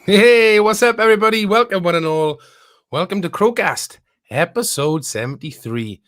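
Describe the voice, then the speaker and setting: A man hosting a podcast, opening the episode and bantering in a relaxed, upbeat way over a video call. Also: high-pitched, moderate pace, no room sound, studio quality. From Wales. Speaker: podcast host. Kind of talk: casual chat.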